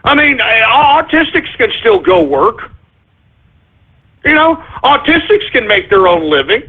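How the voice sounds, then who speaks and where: A man's voice: very high voice, sing-song, a little slow, husky. A man hosting a talk radio show, ranting in an abrasive, confrontational way. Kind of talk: call-in radio rant. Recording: tinny phone-like lo-fi audio.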